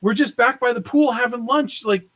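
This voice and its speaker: A man voicing a gracious, excited famous movie star who welcomes an old friend warmly. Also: extremely high pitch, moderate pace, voice pushed up. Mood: delighted.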